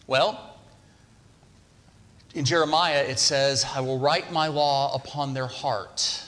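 A man preaches a sermon in a church sanctuary, keeping it conversational and often turning questions to the congregation. His voice sits in a middle pitch for a man. The sound carries a long reverb from the hall. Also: fairly even intonation, takes it slowly, a bit bright. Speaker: pastor.

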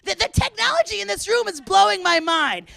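High, excitable woman host with a gravelly edge. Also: a little fast. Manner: excitable, loud, laughs often. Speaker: comedian host. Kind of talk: live crowd work at a club. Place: small club, indoors.

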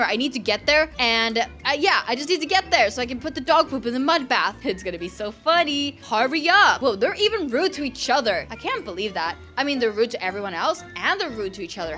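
A young woman giving playful gameplay commentary, excitable and gasping, often dropping to a hushed, sneaky tone. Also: on the high side. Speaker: gaming channel host.

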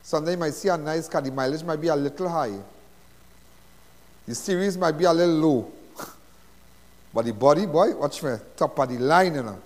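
A man's voice: a little high, a little fast, pauses often, big-room sound. A middle-aged man with a Trinidadian accent hosting a live crime talk show, chatty and emphatic, repeating his phrases in a folksy way.

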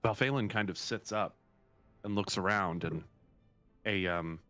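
A man narrating a tabletop game as game master, relaxed and halting, with many fillers. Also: deep voice, faint music behind.

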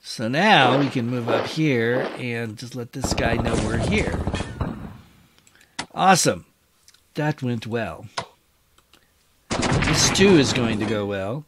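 A man's voice: medium pitch, slow, pauses often, heavy background noise. A man hosting a let's-play of a strategy wargame, thinking aloud as he moves and bursting into cheers when an attack pays off. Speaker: gaming channel host. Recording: loud game battle sounds behind voice. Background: loud artillery and gunfire from the game.

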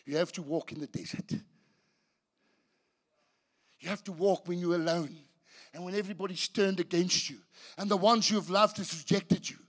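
A man preaching a sermon as pastor, swinging between hushed and shouted passages, often restarting his sentences. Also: high-pitched, moderate pace, long pauses. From South Africa. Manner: restarts and repeats words mid-sentence. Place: church.

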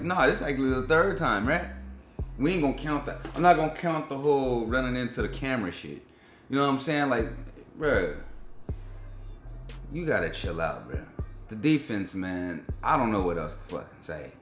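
A man running a sports fan channel rants about his team's game, frustrated, profane, and heavy on slang. His voice is medium-pitched and a bit bright, recorded in an echoey room with a faint beat behind it.

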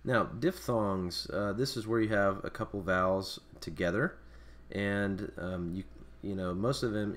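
A man's voice: low voice, slight background noise. A man teaching a recorded Greek alphabet lesson, explaining off the cuff with many fillers and restarts. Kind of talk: screen-recorded language lesson.

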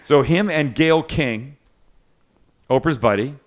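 An unhurried man with a voice on the high side hosts a cooking livecast. In casual live-podcast chat he kids around with co-hosts, drifting and interrupting himself.

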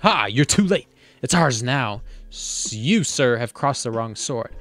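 A man voicing an excitable young male bee hero in an indignant, dramatic tone, pitched above his own voice. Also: a little slow, faint music behind. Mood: fierce.

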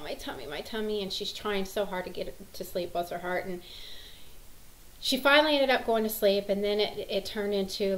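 Woman, mother, casual vlog storytelling, rambling, chatty, lots of fillers, animated. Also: medium pitch, a little hiss or hum, rough recording. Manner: rambling, chatty, full of "you know" and "like". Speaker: mother of several children.

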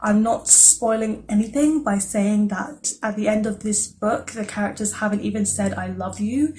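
A woman records a casual book wrap-up vlog in an easygoing, conversational way. Her voice sits in an ordinary middle pitch. She talks with enthusiasm and scatters filler words through her sentences. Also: steady tone, normal speed, warm tone, a little hiss or hum. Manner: chatty and enthusiastic, with frequent "like" fillers. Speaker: book reviewer.

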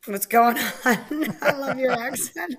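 A woman's voice: sits high, measured pace, a crowd in the background. A woman guest in a podcast interview, bubbly and candid, laughing often as she tells her story. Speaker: guest, activist and author. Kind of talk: casual interview talk.

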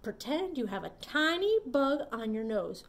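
A woman leading a preschool story time, singing and talking in a bright, sing-song, encouraging way. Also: sits high, sing-song, measured pace, slight background noise. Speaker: children's librarian.

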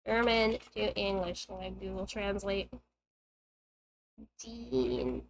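A woman's voice: high voice, lively intonation, unhurried, slight background noise, low-quality recording. A young woman streaming a horror game, thinking aloud and swearing freely as she plays. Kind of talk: casual gameplay commentary. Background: faint game music.

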